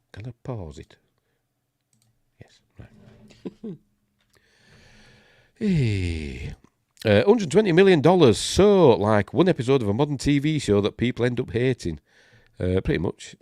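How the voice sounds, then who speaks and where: A man's voice: sits low, darkish tone, no echo, clean studio sound. Grumbling Yorkshire man reading the news. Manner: mutters grumbling asides between reading. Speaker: host of a live news stream. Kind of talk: reading news aloud with asides.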